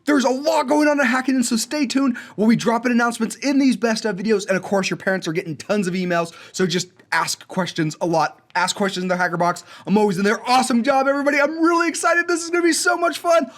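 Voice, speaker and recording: An energetic young man hosts a coding school showcase, playing student-made games and cheering them on. His voice sits high, and he jokes about how bad he is at games. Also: fast, few pauses. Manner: energetic, enthusiastic, self-mocking. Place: indoor studio with green screen.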